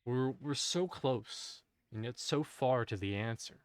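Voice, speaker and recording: A man's voice: medium pitch, a little slow, no room sound. A man streaming a game, chatting casually to his viewers, musing aloud in a rambling way and often cutting himself off mid-thought. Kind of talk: casual live-stream chat while gaming.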